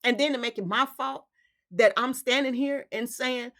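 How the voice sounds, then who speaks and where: A woman's voice: high voice, moderate pace, a bit bright. A woman hosting her own spiritual vlog, talking in a fiery, emphatic way and firing off rhetorical questions in casual slang. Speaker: vlog host. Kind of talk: impassioned spiritual vlog monologue.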